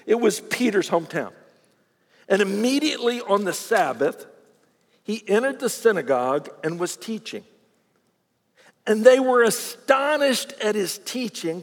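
A man preaching with a high, lively voice that swoops up and down as he acts out crowd reactions. His tone is a little husky, and the sermon rings with the long reverb of a big hall. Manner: animated preaching, acting out voices of crowds and scribes. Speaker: pastor.

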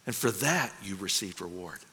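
A man voicing a calm, gentle divine figure, speaking slowly, low and gently. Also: full character voice. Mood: gentle, solemn. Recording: long hall reverb.

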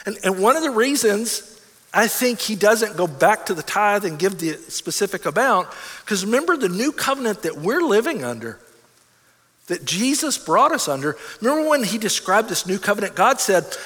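A man with a high, animated voice gives a sermon, talking to the congregation like a friend and slipping into the voices of people he imagines. His tone is bright, and a long reverb from the large hall trails behind his words. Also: fairly quick. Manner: conversational, acts out imagined listeners' voices. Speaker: pastor.

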